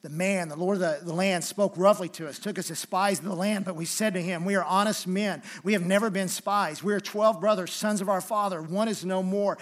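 A man delivers a sermon, reading scripture aloud in a fairly high voice. He leans hard on key phrases, then drops into a softer, conversational tone to explain them. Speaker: pastor.

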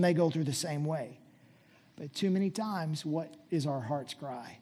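A man preaching a sermon as pastor, reading scripture quietly and then rising to loud, urgent exhortation. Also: fairly high pitch, a little slow, breathy edge.

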